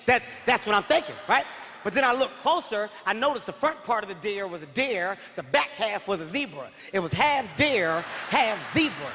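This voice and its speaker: A man doing stand-up comedy, telling a wild story in a loud, animated, profane way, often shouting. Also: sits high, normal speed, big-room sound, a little hiss or hum.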